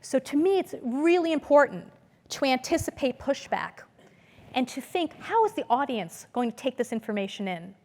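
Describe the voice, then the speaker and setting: A woman lecturer giving a conference talk to an audience, storytelling in a lively way and acting out the voices she quotes. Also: high voice, moderate pace. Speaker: business school lecturer. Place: lecture hall.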